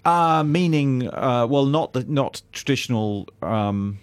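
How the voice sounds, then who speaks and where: A man's voice: medium pitch, expressive, slow pace, clear, resonant tone, no room sound. A man, a guest on a radio show, talking casually in a rambling, hesitant way with many restarts.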